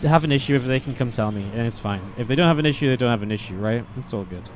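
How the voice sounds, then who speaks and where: A mid-range male voice races along as this StarCraft streamer and caster chats at his desk mic. Mixing casual stream talk with commentary on the strategy game, he rambles, swears without restraint, and uses lots of filler.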